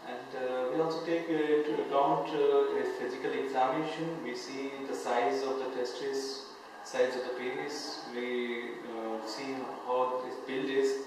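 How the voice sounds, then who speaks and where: A man's voice: mid-range voice, fairly even intonation, unhurried. Indian english doctor guy, lots of uhs, far from the mic, echoey noisy room. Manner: hesitant, frequent fillers and restarts. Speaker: consultant urologist. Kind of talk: explanatory talk to camera.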